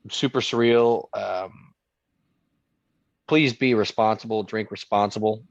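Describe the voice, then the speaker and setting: Low-voiced man rambling in casual podcast chat. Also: steady tone, unhurried, dry recording, highs cut off. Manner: rambling, restarts a lot. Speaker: podcast co-host.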